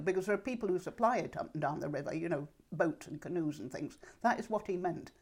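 A woman's voice: lowish voice, quick pace, few pauses, darkish tone, breathy edge. An older woman chatting in an interview, telling anecdotes and laughing often. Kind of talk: casual conversation. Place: home in Perthshire countryside.

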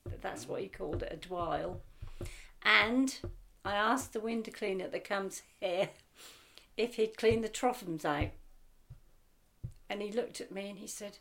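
A woman's voice: mid-range voice, unhurried, creaky. An older woman with a Norfolk accent, reminiscing chattily in an interview and acting out what people said to her. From Norfolk, England. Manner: chatty, anecdotal, animated when quoting people. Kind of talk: casual reminiscing conversation.

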